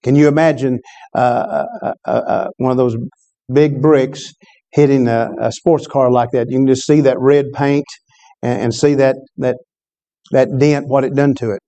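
A man's voice: mid-range voice, fairly even intonation, moderate pace, mellow. A man preaching a sermon, telling a story in a conversational way and calling out to the congregation. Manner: storytelling preacher, conversational with call-and-response asides.

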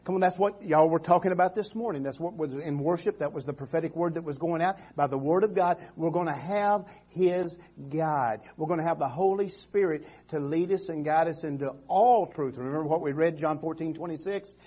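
Husky-voiced preaching man. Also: a little high, brisk, few pauses, dark tone. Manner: preaching with call-and-response "Amen" and "Come on", stammering restarts. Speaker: pastor. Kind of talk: sermon. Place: church sanctuary.

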